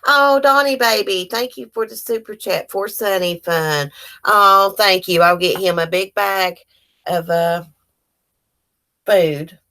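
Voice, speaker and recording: A woman, chatting casually on a livestream and telling animated stories full of quoted dialogue. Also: mid-range voice, slow. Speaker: livestream host.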